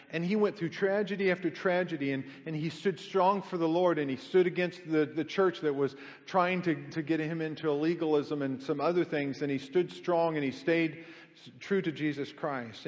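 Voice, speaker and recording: A man preaching a sermon and leading a prayer, telling stories earnestly and moving between loud emphasis and hushed tones. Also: fairly high pitch. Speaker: pastor. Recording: dull lo-fi sound with long hall reverb.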